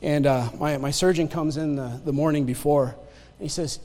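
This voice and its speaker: A man with a high-pitched voice tells his own story from the pulpit in a church with a long reverb trail. He moves from hushed, quick asides to loud, exclaimed lines. He laughs along with the congregation as he goes. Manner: animated storyteller, swings between loud exclamation and quiet asides, laughs often. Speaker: guest preacher giving testimony. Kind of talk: sermon testimony. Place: church sanctuary.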